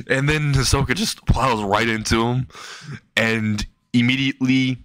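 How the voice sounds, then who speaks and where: A man's voice: mid-range voice, fairly even intonation, measured pace, fairly bright tone, dry recording. A man casually narrating a silly fan-fiction story, rambling with restarts and chuckling at his own jokes.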